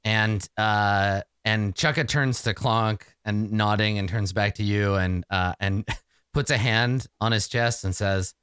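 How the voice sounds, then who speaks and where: A man narrating a tabletop game as game master, animated and rambling with frequent restarts. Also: on the low side, slow pace, clear, resonant tone, no echo, studio quality.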